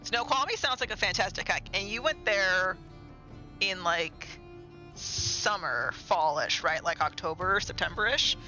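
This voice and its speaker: A man's voice: sits high, lively intonation, unhurried, bright, forceful tone, poor audio. A man streaming a game live, chatting casually and rambling to himself and his chat. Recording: game music clearly behind.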